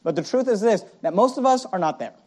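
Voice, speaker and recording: A male pastor preaching a sermon, swinging from loud, punchy lines to quiet asides and mimicking his listeners' excuses. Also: high voice, lively intonation, fast.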